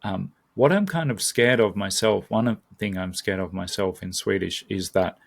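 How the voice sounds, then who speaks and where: A man's voice: deep voice, moderate pace, creaky. A man, a guest in a casual conversation, talking thoughtfully with frequent ums and restarts. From Australia. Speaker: guest, language learner and YouTuber.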